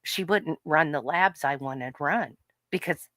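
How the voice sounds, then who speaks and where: Brief: middle-aged female podcast co-host, low voice, dry close sound, lively storyteller who laughs a lot. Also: measured pace, dry recording. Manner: animated storyteller, laughs often, acts out quotes. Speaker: podcast co-host and health coach. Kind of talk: casual podcast chat. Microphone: podcast microphone.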